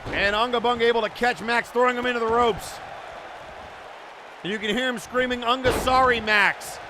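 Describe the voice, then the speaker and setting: A man calling play-by-play for an online wrestling show, excitable and bursting into frantic shouting at big moments. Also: very high-pitched, fairly quick. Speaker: wrestling commentator. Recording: loud music and crowd noise behind.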